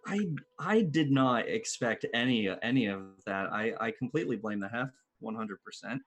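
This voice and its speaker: A man's voice: mid-range voice, animated, moderate pace, hardly any pauses, a bit bright. A man in his thirties chatting casually on a live stream, often laughing and stumbling over repeated words. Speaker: player and panelist.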